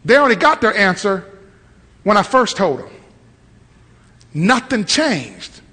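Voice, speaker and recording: A man's voice: high-pitched, very animated, measured pace, bright, forceful tone, husky. A male pastor preaching a sermon with humor, repeating phrases for emphasis.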